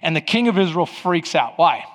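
A man preaching a sermon as pastor in a church sanctuary, animated and conversational, building up to loud passages. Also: a little high, normal speed. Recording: long reverb in a large hall.

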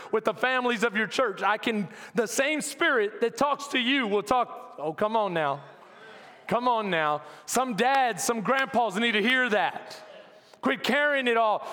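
A man preaching as a pastor, animated, acting out complaining voices and shouting at peaks. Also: very high voice, long reverb tail. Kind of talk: sermon.

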